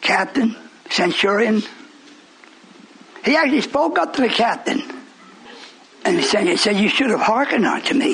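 A man preaching a sermon as pastor, shouting and scolding, then joking with the congregation. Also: sits high, expressive, normal speed, creaky, pauses often, low-quality recording. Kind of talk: fiery preaching.

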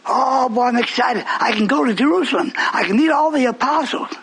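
High, bright-voiced man preaching fervently. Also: a little fast, vocal fry, husky, poor audio. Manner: emphatic, breaks into shouts. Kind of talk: fiery sermon.

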